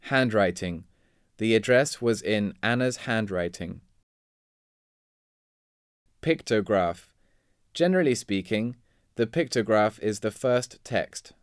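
Slow, deliberate man reading vocabulary. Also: fairly low pitch, expressive, clear, resonant tone, no room sound, studio quality. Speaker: vocabulary reader. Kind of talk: reading vocabulary words and example sentences.

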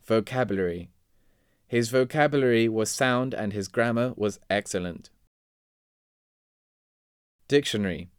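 A man reading vocabulary words and example sentences in a measured, deliberate way. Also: lowish voice, clean tone, dry recording, studio quality. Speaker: vocabulary reader.

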